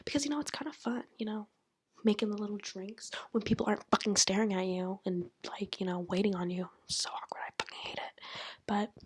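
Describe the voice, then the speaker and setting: Breathy whispering young woman, dry. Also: mid-range voice, steady tone, brisk, no echo. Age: 19, turning 20. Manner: mostly whispered, hushed; rambling, candid, self-mocking. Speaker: college student podcaster. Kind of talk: casual late-night monologue. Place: at home at night. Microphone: laptop mic.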